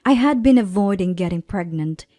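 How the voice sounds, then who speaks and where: A woman in her thirties narrating a personal story in a measured, plaintive way. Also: medium pitch, animated, mellow, no echo, clean studio sound, soft background music. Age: 30s.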